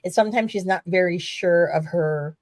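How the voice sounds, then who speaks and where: Chatty woman, low voice, dry sound. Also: normal speed, no echo. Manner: rambling, animated, swears casually. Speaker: podcast co-host. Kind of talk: casual wrestling chat.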